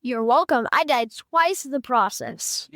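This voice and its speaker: A woman's voice: high voice, measured pace, fairly bright tone, dry recording, clean studio sound. A woman playing a tabletop game, making wry, joking remarks in casual chat. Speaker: player.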